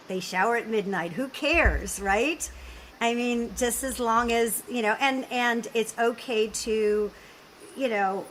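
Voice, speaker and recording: A woman hosts a candid caregiving podcast chat. Her voice is slightly high and very bright. She talks earnestly and reassuringly, often restarting her sentences. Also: slight background noise, low-quality recording. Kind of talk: candid conversational interview.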